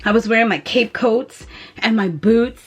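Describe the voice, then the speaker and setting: A chatty woman vlogger talks to her viewers about her perfume collection. Her voice sits fairly high, and she swings into dramatic, playful asides. The delivery stays casual and direct. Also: moderate pace, husky. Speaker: beauty and fragrance vlogger. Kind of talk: casual chat to camera.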